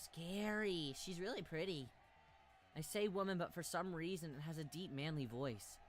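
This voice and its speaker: A woman streamer reads a visual novel aloud in first person, in a fairly low voice at a normal speed. Between lines she swears and jokes casually, and she erupts into loud shrieks and repeated cries.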